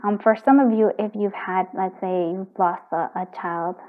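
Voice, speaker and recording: A woman reading tarot cards for viewers in a casual, rambling, gentle way, full of fillers and restarts, choked up with emotion. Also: medium pitch, fairly even intonation, moderate pace. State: tearing up. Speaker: tarot reader. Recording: tinny phone-like audio.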